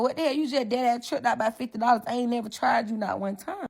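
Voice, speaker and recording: A woman's voice: sits high, fast, creaky, few pauses, fairly bright tone. A young woman, telling a story about a friend in an emphatic, indignant way and acting out both sides of the argument. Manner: emphatic, indignant, acts out quotes. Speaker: storyteller recounting a falling-out. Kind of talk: casual story-time vlog.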